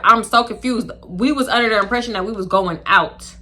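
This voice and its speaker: A woman's voice: fairly high pitch, brisk, hardly any pauses. A young woman telling a casual, slangy story to camera and acting out the people in it. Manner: animated, slangy, swearing, acts out voices. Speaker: storytime vlogger.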